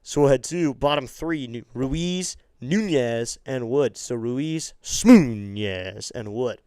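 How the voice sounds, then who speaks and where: Here a man with a smooth voice, talking a little slowly, streams baseball play-by-play as an amateur fan commentator. He gets sharply higher and louder as plays build, then eases into friendly remarks to viewers. There's no room sound, and the quality is that of a studio.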